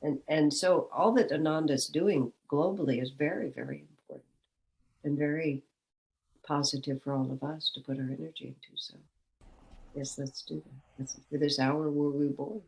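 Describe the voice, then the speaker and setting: A woman's voice: sits low, steady tone, normal speed, creaky, a little mellow, rough recording. A woman, a spiritual teacher, giving a reflective satsang talk and asking questions aloud.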